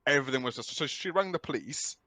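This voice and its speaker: A man's voice: medium pitch, lively intonation, fast talker, pushed and bright, dry recording. A man telling crude stories on a podcast in casual chat, rambling and swearing.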